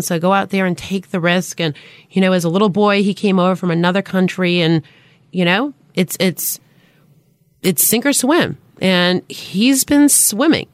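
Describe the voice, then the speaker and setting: A woman's voice: fairly low pitch, no echo. Bubbly woman radio host. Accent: Boston. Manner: bubbly, enthusiastic, laughs often. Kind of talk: casual radio show chat.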